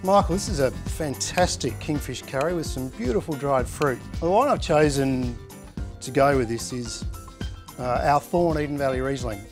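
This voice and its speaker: A man presenting a wine to pair with the dish, descriptive and measured with a few fillers. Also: mid-range voice, music in the background. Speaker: winemaker.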